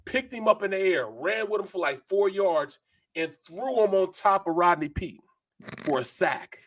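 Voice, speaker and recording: This middle-aged man played football on the line and now co-hosts sports talk, where he tells animated, rambling stories full of filler words. He's high-pitched and speaks at normal speed.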